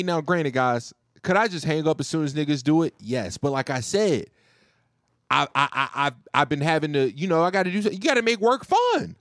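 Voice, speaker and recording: A man telling a profane, joking story about his telemarketing job, animated and casual. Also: a little high, brisk, no echo, clean studio sound.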